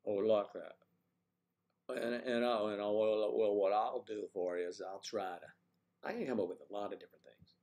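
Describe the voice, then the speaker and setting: A man's voice: fairly low pitch, steady tone, normal speed, darkish tone. A man with a mid-Atlantic American accent hosting a casual livestream chat, rambling and playful as he tries out other accents. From mid-Atlantic United States. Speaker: livestream host.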